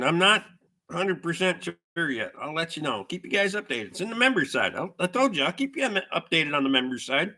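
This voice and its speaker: A middle-aged man spins rambling, profanity-laced anecdotes for his stream chat and stops now and then to read viewer comments aloud. His voice sits a little high and comes across bright and forceful. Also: sing-song, moderate pace, long pauses. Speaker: livestream host. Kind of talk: casual storytelling chat with viewers.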